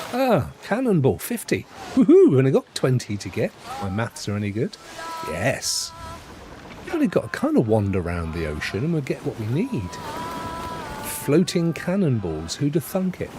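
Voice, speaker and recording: A man's voice: medium pitch, huge pitch swings, moderate pace, over music. Chatty English man streaming a game. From England. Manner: chatty and rambling, chuckles often. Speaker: gaming streamer host. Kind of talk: live gameplay commentary.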